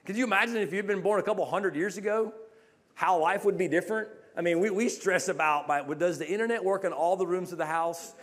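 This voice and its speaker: A middle-aged male pastor preaching a conversational sermon in church, acting out imagined speakers and dropping low and quiet to stress a point. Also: brisk.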